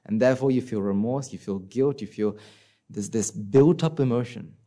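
A man giving a conversational Buddhist dharma talk, often asking the listeners questions and acting out inner voices in a soft, low tone. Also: moderate pace. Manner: conversational, asks the audience rhetorical questions. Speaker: Buddhist teacher.

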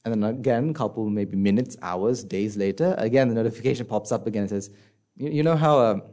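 A man giving a conversational Buddhist dharma talk, often asking the listeners questions and acting out inner voices in a soft, low tone. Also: brisk. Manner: conversational, asks the audience rhetorical questions. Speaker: Buddhist teacher.

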